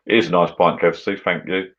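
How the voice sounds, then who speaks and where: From his home garden bar shed, a middle-aged man runs a casual live chat over drinks, reading comments aloud in a rambling, mumbling way. His voice is low and a bit bright, with the highs cut off.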